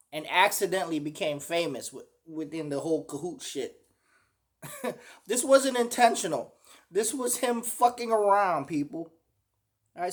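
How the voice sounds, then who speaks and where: A commentator reacting to a clip, indignantly calling the speaker out, swearing and asking the viewers "y'all hear it?". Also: mid-range voice.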